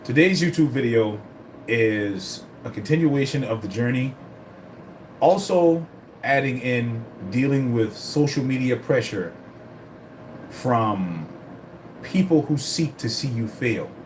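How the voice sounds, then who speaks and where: A man's voice: mid-range voice, slow, slight background noise. A man vlogging about his fitness journey in a casual, rambling, profane way. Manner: rambling, profane, animated storytelling. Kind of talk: casual chat.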